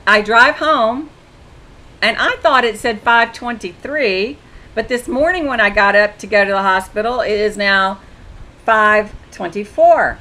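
Bright-voiced woman telling faith stories. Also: mid-range voice, a little slow, rough recording. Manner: chatty storytelling with frequent restarts and quoted dialogue. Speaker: Christian video blogger. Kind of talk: casual testimony monologue.

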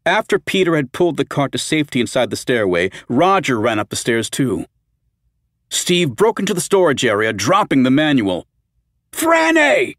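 A man's voice: mid-range voice, no room sound, studio quality. A man reading a horror novel aloud as an audiobook narrator, with a tense, dramatic delivery.

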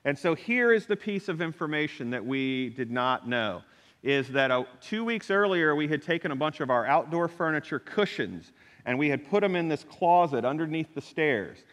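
A middle-aged man preaching a sermon, telling a personal story in an animated way and acting out the people he quotes. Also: a little high, moderate pace. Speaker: pastor. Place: church sanctuary. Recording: long hall reverb.

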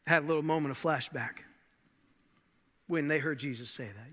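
A man's voice: a little high, normal speed, long pauses, bright, forceful tone. A man preaching a sermon as a pastor, in a conversational way with rhetorical questions, with long church reverb. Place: church sanctuary.

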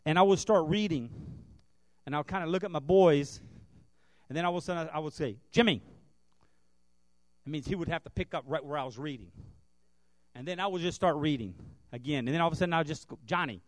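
A man preaching a sermon as a guest pastor in a church, swinging from loud earnest preaching to quiet tender tones, then leading a prayer. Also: on the high side, fast, dry recording. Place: church building.

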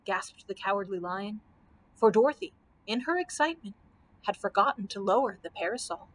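Librarian reading a children's book aloud. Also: female voice, medium pitch, normal speed. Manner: steady reading with small slips. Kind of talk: storybook read-aloud.

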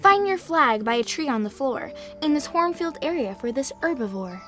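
Bright sing-song woman reading clues. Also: sits high, animated, moderate pace, faint music behind. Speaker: reads the clues in a kids' video. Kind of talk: reading rhyming clues aloud.

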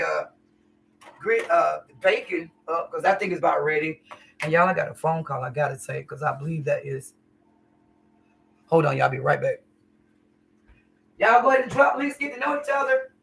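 Her lowish voice carries vocal fry and a slightly bright edge, captured on a distant mic with a bit of background noise. She's a home cook livestreamer, chatting warmly and folksily to viewers from her kitchen and calling them y'all and honey.

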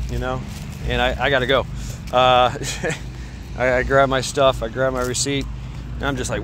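A man's voice: mid-range voice, little pitch movement, normal speed, background noise. A man vlogging while walking his dog outdoors at night, telling a story in a rambling way with lots of fillers and restarts.

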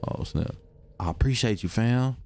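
A young man giving excitable, slangy commentary while playing a video game, talking to himself and hushing when the game gets quiet. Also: medium pitch, normal speed, slight background noise. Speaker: gaming video host. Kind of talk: let's-play commentary.

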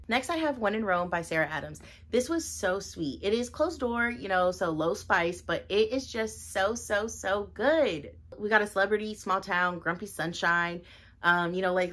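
Woman, book vlogger, bubbly, gushing, repeats herself for emphasis, mid-pitched voice. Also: a bit bright. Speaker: book reviewer. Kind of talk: casual reading wrap-up vlog.

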